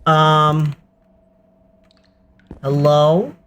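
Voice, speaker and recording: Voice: medium pitch, flat delivery, drawn-out words, fairly bright tone, smooth. A gaming host giving sarcastic running commentary while playing a horror game, tired and yawning. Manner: wry, sarcastic running remarks.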